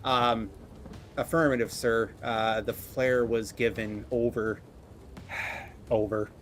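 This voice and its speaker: A man's voice: medium pitch, little pitch movement, takes it slowly, a bit bright, faint music behind. A man voicing a young, foul-mouthed sniper who stammers and swears when rattled. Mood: flustered. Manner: swears a lot, flustered, stammering.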